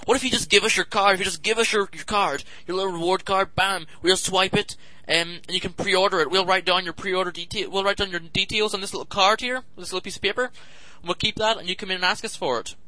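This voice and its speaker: A man doing a pushy, rapid-fire shop clerk. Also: sits high, fairly even intonation, bright, forceful tone, no room sound, pitched above the performer's own voice, poor audio. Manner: rapid, insistent sales patter.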